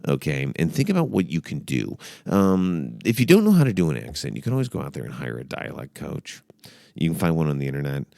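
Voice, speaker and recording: A very low, gravelly man rambles through comic advice with a swinging, animated pitch. He swears freely and turns sarcastic, and the sound is dry and close to the mic. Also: fairly quick, no room sound. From United States. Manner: sarcastic, profane, animated, puts on mock accents. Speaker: comedy podcast host.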